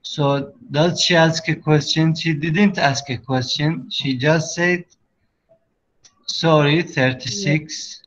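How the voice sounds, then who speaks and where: A man teaching an English class, explaining slowly with pauses and fillers, sometimes switching to Arabic. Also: on the high side, fairly even intonation, fairly bright tone, lo-fi sound. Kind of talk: online class lesson.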